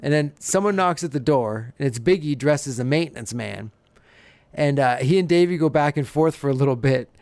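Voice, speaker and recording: A man's voice: mid-range voice, animated, fairly quick, a little mellow, no room sound. A man hosting a podcast, casually recapping an episode and laughing often as he retells scenes. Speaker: podcast host.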